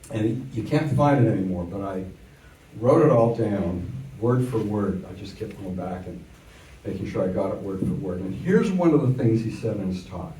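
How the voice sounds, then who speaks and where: Telling stories from memory with wry explanation, an older man gives an economics lecture to adult learners. His voice is mellow and on the low side, and there's a little hiss or hum. The recording sounds distant, in an echoey room.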